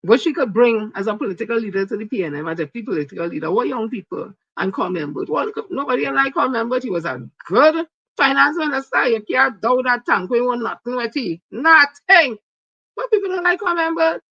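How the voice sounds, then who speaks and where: A Trinidadian woman on a live stream talks straight at her viewers and keeps repeating her points. Her voice is husky and a little muffled, with dull, dry lo-fi sound. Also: a little high, animated, fast talker, no echo. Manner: emphatic, repetitive, rising to shouts when heated. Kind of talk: casual political commentary on a live stream.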